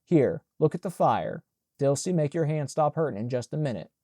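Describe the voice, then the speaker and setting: A man's voice: fairly high pitch, expressive, normal speed, mellow, dry recording, studio quality, natural voice. A man voicing an elderly woman housekeeper who scolds and soothes in a Southern dialect. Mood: scolding.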